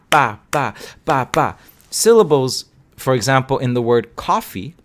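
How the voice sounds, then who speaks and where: A young man who teaches language, talking casually and acting out sounds with playful exaggeration. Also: medium pitch.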